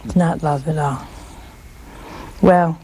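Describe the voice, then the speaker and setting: A woman's voice: deep voice, steady tone, slow pace, mellow, a little hiss or hum. An older woman giving a folksy sermon, teasing her listeners and asking them questions. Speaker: preacher.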